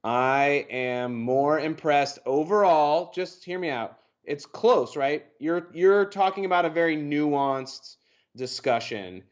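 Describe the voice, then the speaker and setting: A man's voice: fairly high pitch, slow, muffled recording. A man co-hosting a podcast as its producer, talking in an easygoing way with joking asides. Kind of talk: casual podcast chat.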